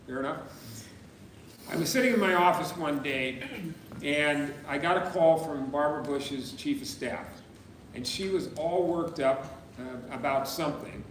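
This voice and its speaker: A man's voice: a little high, a little slow, slight background noise. Man in his 60s telling a story, roomy and distant. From Utah. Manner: storytelling with quoted back-and-forth dialogue. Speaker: political candidate. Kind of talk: campaign speech anecdote. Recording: echoey room, distant mic.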